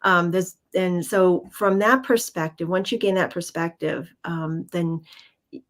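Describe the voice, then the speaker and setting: Soft-spoken woman reading cards. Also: fairly low pitch, steady tone. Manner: warm, halting, many ums and restarts. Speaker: co-host and card reader. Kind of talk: casual livestream chat.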